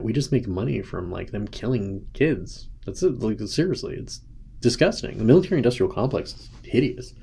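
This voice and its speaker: A man's voice: lowish voice, darkish tone. A man hosting a casual political commentary show from home, rambling and often restarting or rephrasing his points. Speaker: host. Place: home, with a sleeping child nearby.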